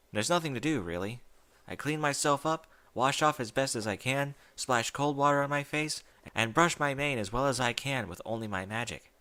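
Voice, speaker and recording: A man reading fan fiction aloud in the first person, with an emotional, expressive delivery. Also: medium pitch. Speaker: audiobook reader.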